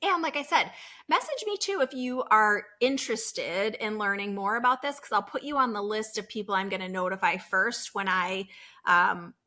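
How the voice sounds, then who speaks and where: Woman podcast host, bright tone, earnest chatty solo talk full of "um"s. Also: medium pitch, moderate pace. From Boston area, US. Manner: chatty, earnest, many fillers and self-corrections.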